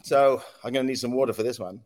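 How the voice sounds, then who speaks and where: Male podcast guest, mid-pitched, storyteller type who acts out quotes and sound effects, laughs often. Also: fairly even intonation, fast, darkish tone. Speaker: podcast guest, former news agency head. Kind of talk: casual storytelling interview.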